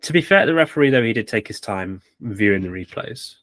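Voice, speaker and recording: A man co-hosting a podcast, giving opinionated, measured analysis in casual chat. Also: fairly low pitch, animated, fairly bright tone, dry recording. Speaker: podcast co-host.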